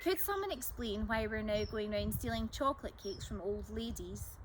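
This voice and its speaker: A woman's voice: fairly high pitch, expressive, moderate pace, background noise, close to an everyday voice. A woman voicing a polite, sensible teenage boy. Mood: coaxing.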